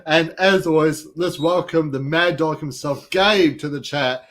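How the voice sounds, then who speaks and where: A man's voice: fairly high pitch, a little slow, a bit bright. A man hosting a casual podcast, teasing his guests with puns. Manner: jokey, teasing, punning introductions. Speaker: podcast host.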